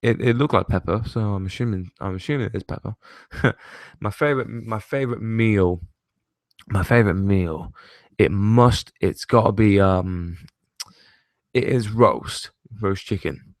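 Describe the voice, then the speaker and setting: Rambling young man, low voice. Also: a little slow, dry recording. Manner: rambling, swears casually, laughs often. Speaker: host. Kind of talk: casual rambling chat.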